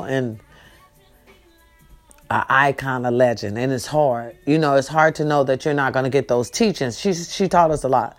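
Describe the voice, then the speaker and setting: A woman speaking, casually addressing viewers in a monologue that moves between lively, swearing storytelling and slow, subdued grieving. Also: sits low. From California. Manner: animated and swearing at first, then slow and subdued while grieving. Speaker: host.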